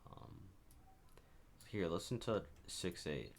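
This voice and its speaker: Slow and creaky, his deep voice swings widely in pitch as he narrates his own composition in a relaxed screen share. He meanders, corrects himself, and keeps talking while he works.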